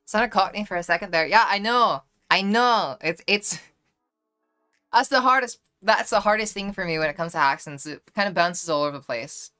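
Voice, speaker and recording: Faint music sits behind a woman whose mid-range voice sounds pushed, bright, clear and resonant, moving at a moderate pace. Chatting casually with viewers on a livestream, she's profane and blunt, leans on fillers, and laughs at herself as she tries out accents.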